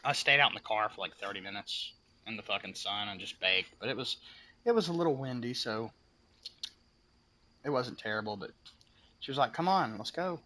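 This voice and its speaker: A young man with a fairly low but strikingly sharp, bright voice chats casually while streaming a game. He rambles through his story with lots of swearing and emphasis. Faint noise hangs behind him. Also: fairly quick, pauses often.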